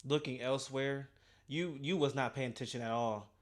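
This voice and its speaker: A man's voice: medium pitch, moderate pace. Chatty man reacting, tripping over his words. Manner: animated, talks back at the video, stumbles and restarts. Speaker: reaction video host. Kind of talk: casual reaction commentary.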